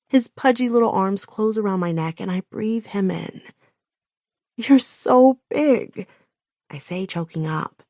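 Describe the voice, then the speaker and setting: A woman narrating a first-person audiobook with intense, emotional delivery and sharp outbursts. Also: lowish voice, dry recording, clean studio sound.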